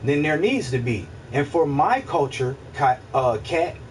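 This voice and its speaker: A man hosting a casual livestream, musing out loud in a rambling, profane way, repeating himself and answering his chat. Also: on the high side, big pitch swings, measured pace, far from the mic, a little hiss or hum, poor audio. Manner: rambling, profane, repeats himself, asks listeners if they follow. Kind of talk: casual philosophical monologue.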